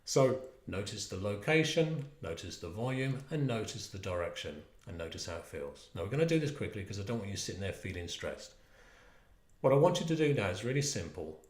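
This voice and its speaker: Animated man coaching an exercise. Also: on the low side, reverberant. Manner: animated, coaxing, drawn-out words. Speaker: stress management coach. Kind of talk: guided exercise instruction.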